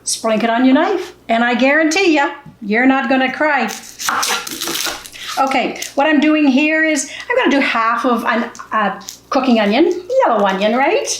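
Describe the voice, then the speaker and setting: A woman's voice: high voice, normal speed. Middle-aged lady doing a cooking vid in her kitchen, folksy and blunt, bit of room echo. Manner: chatty, folksy and blunt, with asides to the viewer. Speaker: cooking show host. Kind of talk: casual cooking demonstration. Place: home kitchen. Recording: echoey kitchen with faint background noise.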